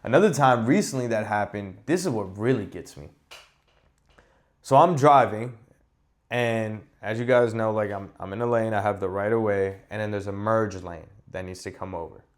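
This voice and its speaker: A man's voice: fairly low pitch, normal speed. Exasperated man ranting on a podcast. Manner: animated, exasperated, profane. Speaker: podcast host. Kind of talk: casual ranting monologue.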